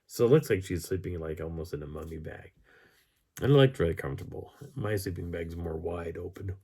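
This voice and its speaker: A hoarse man telling a camping story in a casual, animated way, chuckling as he goes. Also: deep voice, fairly quick. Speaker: channel host.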